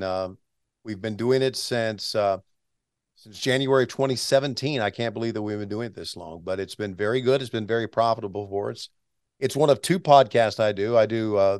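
Smooth-voiced older man spinning stories. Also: on the low side, no echo, studio quality. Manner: chatty, anecdotal, frequent restarts and chuckles. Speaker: guest, veteran wrestling announcer. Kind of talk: casual interview storytelling.

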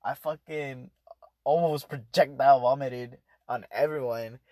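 A man's voice: mid-range voice, fairly even intonation, a little slow, warm tone, no echo, clean studio sound. A young adult man telling a story in a rambling, casual way, swearing often and restarting his sentences. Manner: profane, rambling, full of fillers and restarts. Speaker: vlogger.

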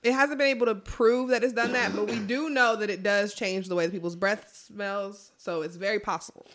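A woman's voice: mid-range voice, fairly even intonation, fairly quick, fairly bright tone. A woman hosting a podcast in casual chat, laughing often and swearing freely as she talks over her guests. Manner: giggly, laughs often while talking over the guys. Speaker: podcast host.

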